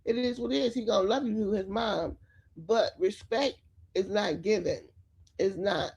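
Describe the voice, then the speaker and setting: A woman's voice: medium pitch, a little slow, vocal fry, darkish tone, slightly rough, muffled recording. A woman giving casual, opinionated celebrity gossip commentary straight to her viewers. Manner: chatty, opinionated, addresses viewers directly. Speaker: commentary vlogger.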